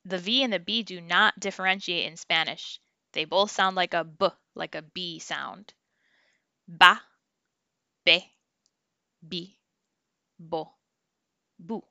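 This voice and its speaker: A woman teaching a Spanish phonics lesson online, slowly sounding out syllables for learners to repeat. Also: on the low side, sharp tone, no room sound, highs cut off. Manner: slow, clear drilling of syllables for learners to repeat.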